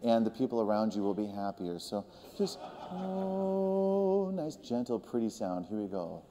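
A man leading a group through vocal warm-ups, talking gently and encouragingly and singing short demonstration notes. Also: fairly low pitch, a little fast. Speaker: vocal coach. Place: large hall with a group of singers. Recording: reverberant hall, faint room hum.

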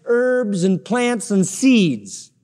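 A man's voice: high voice, sing-song, drawn-out words, darkish tone, long reverb tail. A male pastor preaching a sermon emphatically, stressing his points with repeated parallel phrases.

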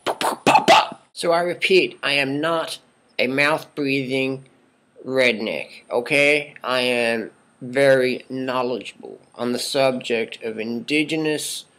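A man spoofing a smug, bright-voiced guru. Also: medium pitch, slow. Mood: smug mocking. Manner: mocking, rambling parody monologue. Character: smug, boastful male health guru in his forties. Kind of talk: comedic spoof monologue.

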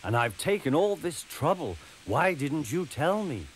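Male narrator as a sly, arrogant cartoon diesel, slow and smug. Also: fairly high pitch, very animated, slight background noise, pitched above the performer's own voice. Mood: scheming. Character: boastful scheming male diesel engine.

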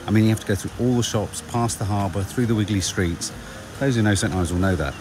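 A man's voice: lowish voice, fast. A middle-aged man chatting playfully and teasingly while walking outdoors on a windy coast path and filming a vlog. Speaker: vlogger. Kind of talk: casual chat on a walk.

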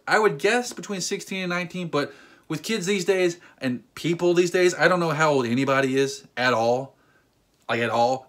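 A man in his thirties telling a story in a casual vlog, joking and acting out voices. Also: fairly high pitch. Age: 30s. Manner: animated, acts out voices, joking rants. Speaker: vlogger.

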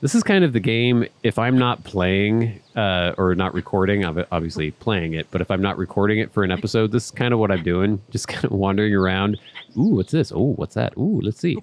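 A man's voice: fairly low pitch, brisk, hardly any pauses. A man hosting a let's play, chatting casually through his gameplay and talking to the game characters and his viewers.

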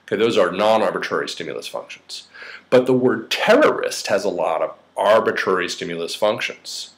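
A middle-aged psychotherapist with a slight New York accent teaches a course, explaining ideas in a casual lecture full of fillers and restarts. His low voice is animated and moves at a normal speed.

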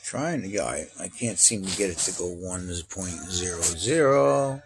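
A man's voice: deep voice, lively intonation, moderate pace, soft background music. A man at home filming his cat on a phone, talking in doting baby talk. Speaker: pet owner filming his cats. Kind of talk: casual home video commentary. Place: at home indoors.

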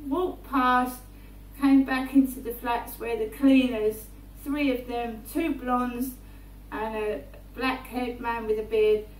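Woman vlogger, repetitive and slow-spoken, recorded at a distance in an echoey room. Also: high-pitched. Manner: repetitive, often checks in with "right?". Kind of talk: rambling personal monologue. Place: indoors in her flat. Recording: roomy, distant mic, faint hum.

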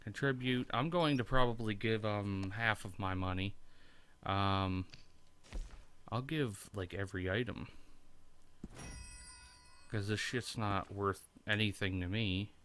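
A lower-pitched man drawls through casual gameplay commentary, slow and meandering. His voice is bright and forward, and he swears freely while puzzling over menus. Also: clean tone. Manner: profane, rambling, thinking aloud. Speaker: let's play host.

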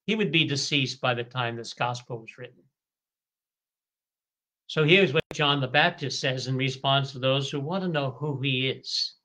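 Man, priest, scripture lecture, slow deliberate phrasing, bright voice, occasional self-corrections. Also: medium pitch. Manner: slow, deliberate explanation with stretched emphasis on key words.

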